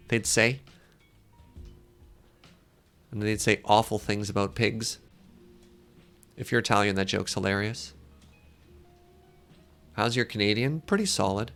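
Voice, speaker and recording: A man with a low, gravelly voice chats on a game live stream, joking at his own expense and talking straight to his viewers. Soft game music plays faintly underneath. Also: normal speed, long pauses. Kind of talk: casual live-stream chat while gaming.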